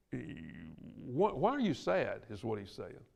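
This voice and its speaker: Gravelly Southern man teaching Bible class. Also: mid-range voice, huge pitch swings, drawn-out words, darkish tone. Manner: folksy, plainspoken, acts out quoted lines. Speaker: Sunday school teacher. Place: church classroom.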